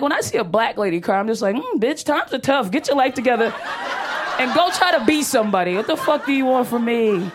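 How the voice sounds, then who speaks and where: A woman's voice: fairly high pitch, slight background noise. A woman performing a stand-up comedy set on stage, telling stories in a brash, profane, conversational way.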